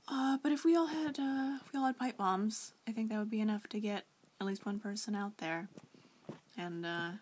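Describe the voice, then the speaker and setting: A woman's voice: mid-range voice, a little hiss or hum. A young woman vlogging a casual reply to a friend, rambling with lots of fillers and restarts, often giggling.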